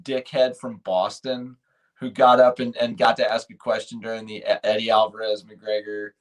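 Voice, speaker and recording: A man co-hosting a podcast, telling stories in a casual, animated way with hesitant restarts. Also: lowish voice, normal speed. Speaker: podcast co-host. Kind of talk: casual chat.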